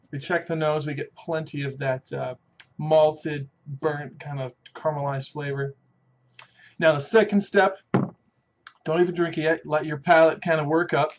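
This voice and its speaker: A man hosting a casual beer and pipe review, folksy and relaxed as he walks through each tasting step. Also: fairly high pitch. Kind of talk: casual chat.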